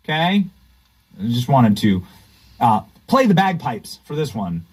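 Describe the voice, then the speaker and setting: A man's voice: medium pitch, very animated, measured pace, pauses often, breathy edge, rough recording. A man hosting political commentary, sarcastic and mocking. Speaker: commentary host.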